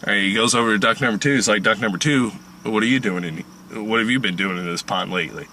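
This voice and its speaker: A man in a casual movie-riffing chat, swearing freely and telling jokes with excitable energy. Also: on the low side, fast talker, few pauses, a little hiss or hum. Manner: profane, excitable storyteller. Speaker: movie review panelist.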